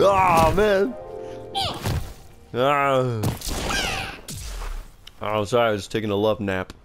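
A man's voice: medium pitch, very animated, slow, creaky. A man from Tucson, Arizona, doing casual commentary while playing a fighting game, yelping and laughing as he plays. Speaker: gaming video creator. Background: loud fighting game music and sound effects.

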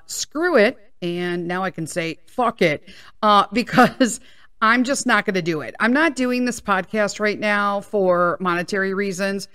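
A woman's voice: lowish voice, fairly bright tone, smooth. Chatty, candid woman in her fifties. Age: 50s. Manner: candid and chatty, swears freely. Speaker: podcast host. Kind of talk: casual solo podcast chat. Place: small home studio. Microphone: studio microphone.

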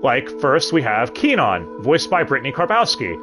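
A man's voice: medium pitch, wildly swooping pitch, moderate pace. A man hosting a casual review show, talking in a chatty way with joking asides. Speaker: host. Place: home streaming setup. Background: background music.

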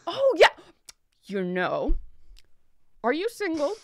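A woman voicing a jovial, rotund human merchant man who gushes with flattery. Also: slow, no echo, studio quality, exaggerated voice. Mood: chatty. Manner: gushing, flattering, booming.

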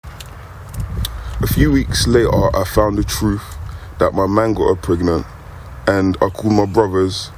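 A man's voice: fairly low pitch, fairly even intonation, slow pace, pauses often, darkish tone, a little hiss or hum. A man co-hosting a podcast, reading listener letters aloud in a laid-back, chuckling way.

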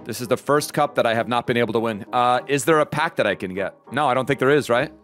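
A young man giving lively, excitable commentary as he plays a football video game, talking straight to his viewers and venting when things go wrong. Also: mid-range voice, fast, faint music behind. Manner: animated, talks to viewers, frustrated outbursts. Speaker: gaming YouTuber.

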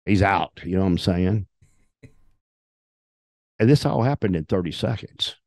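Low-voiced profane older storyteller man. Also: measured pace, dry recording, clean studio sound. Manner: profane, animated storyteller acting out quotes. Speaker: interview guest, retired wrestler. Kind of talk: storytelling in a shoot interview.

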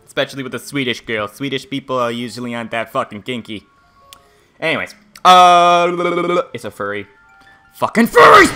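A male game streamer rambling crudely to his viewers between jokes. His voice sits at a middling pitch and sounds bright and forceful. He talks loosely and swears freely. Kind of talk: casual livestream gameplay commentary.

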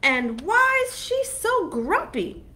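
A woman voicing the biggest billy goat, gentle and caring, in a high voice for a storybook reading. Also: very animated, drawn-out words, exaggerated voice.

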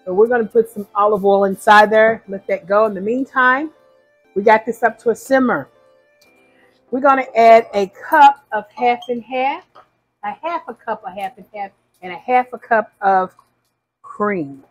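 A woman's voice: a little high, normal speed, faint music behind, rough recording. A woman cooking at the stove in a home kitchen, chatting casually and narrating each step for her viewers. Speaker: home cook.

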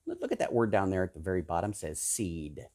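A man preaching a sermon, fervent and emphatic, swinging between loud peaks and low hushed stretches, repeating and listing words for emphasis. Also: wildly swooping pitch, fairly quick. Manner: repetitive, emphatic lists.

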